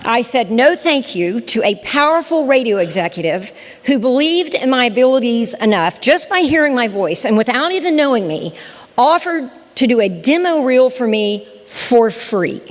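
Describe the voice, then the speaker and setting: A woman, telling her story in a lively, chatty speech to a live audience. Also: on the high side, normal speed. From Southern United States. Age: 60s. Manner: animated, chatty, talks straight to the crowd. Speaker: storyteller and podcast host giving a talk. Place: lecture hall with a live audience. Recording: reverberant hall.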